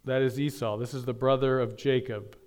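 A male pastor preaching a sermon, building to emphatic peaks and dropping to quiet asides. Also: medium pitch, fairly even intonation, a little fast, clear, resonant tone.

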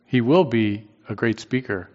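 A man leads a Bible study, talking it through informally with frequent restarts and questions tossed to his listeners. His voice sits at an ordinary middle pitch. The recording is dull and lo-fi, with a long hall reverb trailing each phrase. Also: unhurried. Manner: thinks aloud with frequent restarts, asks the class questions. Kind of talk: conversational Bible teaching.

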